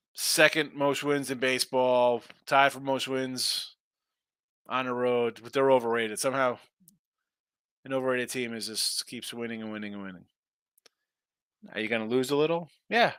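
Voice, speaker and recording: The host of a sports betting show fires off casual, sarcastic commentary while going through viewer comments. His mid-range voice is bright, forceful and smooth, on a dry recording with clean studio sound.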